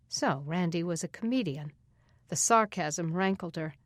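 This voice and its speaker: A woman's voice: moderate pace, no echo, clean studio sound. A woman reading a suspense novel aloud as audiobook narrator, lifting her voice for the characters' lines. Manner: voices the characters with raised pitch in dialogue.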